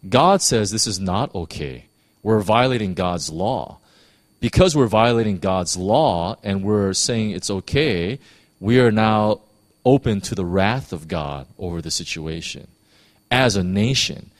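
Male pastor, low voice with wide swings, casual animated sermon, dry close sound. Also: unhurried, dry recording. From United States. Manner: conversational, animated preaching with many restarts.

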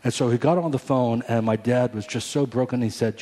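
Pastor in his 40s, sermon testimony; warm low voice with a husky edge, earnest, restarts often. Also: fairly even intonation, fairly quick, hardly any pauses. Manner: earnest storytelling with many restarts.

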